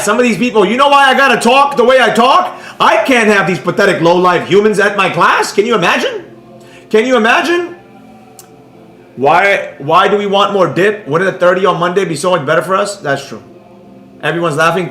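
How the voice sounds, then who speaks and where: Loud sarcastic guy running a live trading class, high voice, echoey room. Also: expressive, a little fast. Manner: brash, loud, sarcastic, jokey. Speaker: trading instructor.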